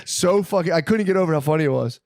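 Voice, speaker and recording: A man's voice: fairly high pitch, fast talker, darkish tone, dry recording, studio quality. A man co-hosting a podcast, telling rambling profane stories and laughing through them. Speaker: podcast co-host. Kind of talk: casual storytelling chat.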